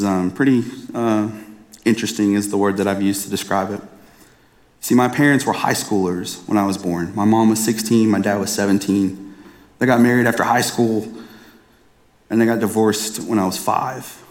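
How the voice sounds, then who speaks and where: A man's voice: lowish voice, steady tone, normal speed, darkish tone. Earnest man preaching a personal sermon. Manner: earnest, conversational storytelling with frequent repeated starts. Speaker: pastor.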